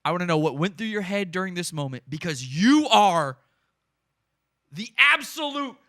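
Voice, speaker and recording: A man's voice: sits high, animated, a little fast, dry recording, studio quality. A man hosting a podcast, giving gleeful, mocking live commentary on stream footage and breaking into laughter. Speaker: podcast host.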